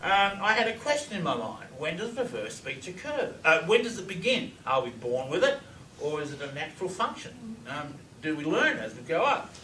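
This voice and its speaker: In an echoey room, far from the mic with faint hiss, a middle-aged man lectures on reverse speech, enthusiastically playing audio examples and quizzing his audience. His voice is fairly high with big pitch swings, a bright, forceful tone, and normal speed.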